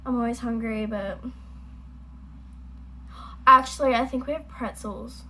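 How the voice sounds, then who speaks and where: Chatty young woman, slightly high voice. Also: a little slow, bright, forceful tone, slight background noise, low-quality recording. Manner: chatty, rambling, apologetic. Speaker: reaction video host. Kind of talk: casual chat. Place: at home, indoors.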